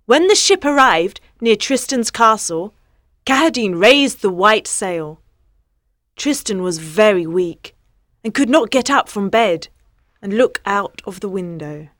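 A woman narrating a storybook in a slow, clear, evenly paced reading. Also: medium pitch, no echo, studio quality. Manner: slow, clear, even pacing.

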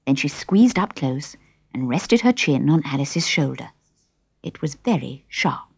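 Breathy woman reading a storybook. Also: sits low. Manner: expressive, lively reading. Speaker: narrator. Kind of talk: storybook narration.

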